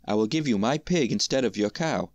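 A man voicing a blunt, hearty butcher in a storybook reading, brisk and plain-spoken. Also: mid-range voice, animated, dry recording, lo-fi sound, close to an everyday voice.

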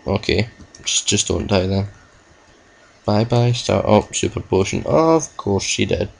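A man's voice: lowish voice, lively intonation, unhurried, gravelly, poor audio. A young man giving rambling, self-mocking commentary over a video game playthrough, cursing at the game now and then. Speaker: gamer. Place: at home with a laptop.

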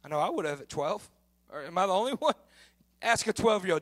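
A man's voice: high-pitched, animated, quick pace. A middle-aged man preaching a sermon in a conversational style that rises to emphatic peaks. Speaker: pastor.

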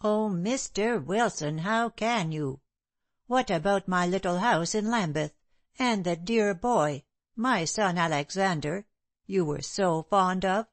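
A woman voicing a stubborn, indignant London landlady in an audiobook, insistent and sharp-tongued. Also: mid-range voice, takes it slowly, no room sound.

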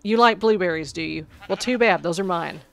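A woman's voice: on the low side, a little fast, gravelly, a bit bright, a little hiss or hum. A woman giving casual, chatty commentary while she plays a video game, talking back to the creatures and getting exasperated. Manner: sarcastic asides. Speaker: gameplay commentator.

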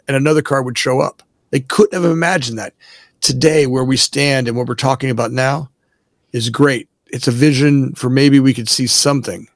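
On a casual podcast interview, a male guest with a creaky, mid-range voice speaks with emphasis, recorded without any echo. He keeps tossing in "right?" to make sure the listener is following along.

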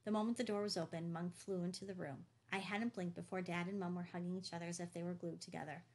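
Brief: female audiobook narrator, steady delivery, gravelly low voice. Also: quick pace. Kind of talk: scripted first-person narration.

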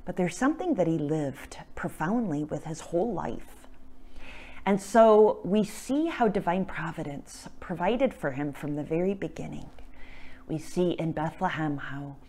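A woman hosting a religious talk show from her home, teaching in a gentle, casual way with many ums, her voice slightly cracking from disuse. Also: sits low, animated, unhurried. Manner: soft-spoken, gentle, with frequent ums and self-corrections. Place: at home, indoors.

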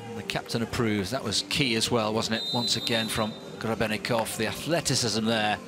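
Man, sports commentator, live play-by-play, animated on key points. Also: fairly low pitch, normal speed, music in the background. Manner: animated, rising with big points.

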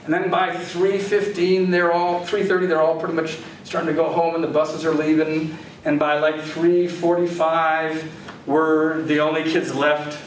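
An older man from the Chicago area tells stories to a lecture audience in a loose, self-deprecating way. His voice sits a little high. It comes from far off in a very echoey hall with faint hiss. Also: level tone, normal speed. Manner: conversational, anecdotal, self-deprecating. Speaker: guest lecturer. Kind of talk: storytelling lecture.

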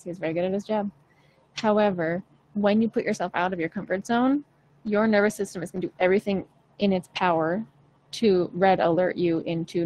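A woman's voice: fairly low pitch, a little mellow, slight background noise, poor audio. Chatty, encouraging woman vocal coach. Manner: chatty, encouraging, many fillers. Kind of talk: live-stream Q&A chat.

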